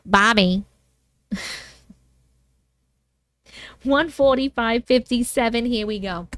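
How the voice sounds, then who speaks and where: A woman with a Long Island New York accent hosts a casual livestream. Her voice sits high and sounds smooth and crisp. The recording is close and dry, and she chats in a bubbly way, thanking viewers one by one. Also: slow, a bit bright, no room sound. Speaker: livestream host and story reader.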